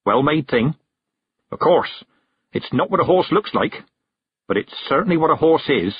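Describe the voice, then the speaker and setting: A proud old witch, blunt and sharp, speaking in rough country turns of phrase, as a man reads her in a raised, husky voice. The pitch jumps about, and the voice sits dry and close. The sound is dull and lo-fi. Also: lively intonation, normal speed, dry recording. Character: stern proud old woman witch, rural.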